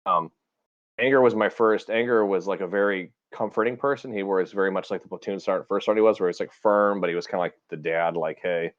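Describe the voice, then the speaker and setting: A man's voice: low-pitched, quick pace, dull audio. A man hosting a podcast, telling army stories in casual, profane chat and acting out the people he quotes. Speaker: podcast host, army veteran.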